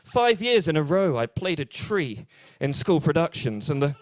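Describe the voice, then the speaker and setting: Deadpan young Englishman doing stand-up. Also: on the high side, moderate pace, no echo. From England. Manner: deadpan, hesitant delivery with many fillers. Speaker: stand-up comedian. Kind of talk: stand-up comedy set. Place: small bar open mic.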